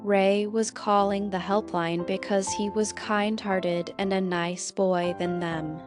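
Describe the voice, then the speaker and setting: A woman narrates a film recap in a scripted, measured delivery, taking her time over each line. Her pitch sits at an ordinary middle height. Soft music runs quietly underneath her voice. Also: fairly even intonation. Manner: slow, measured reading of plot events and quotes.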